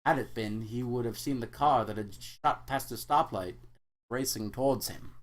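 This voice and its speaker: Deadpan man reading a novel aloud. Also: mid-range voice, moderate pace. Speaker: host and reader. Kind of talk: mock-serious comic book reading.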